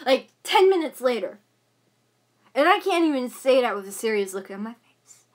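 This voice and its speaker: High-voiced young woman ranting. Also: very animated, moderate pace. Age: young adult. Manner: agitated ranting, many fillers and repeats. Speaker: vlogger. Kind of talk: casual venting vlog.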